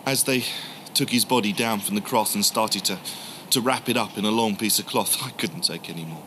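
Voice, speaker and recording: A man telling the story in the first person as a grieving, doubting male disciple, halting and emotional, repeating words. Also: on the low side, noisy background, natural voice.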